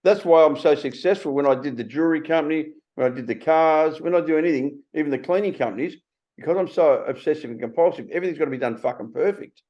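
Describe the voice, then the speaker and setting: An Australian man in his sixties hosting a casual conversation, blunt and animated, swearing freely. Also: fairly high pitch, fast talker. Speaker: podcast host. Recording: slightly muffled recording.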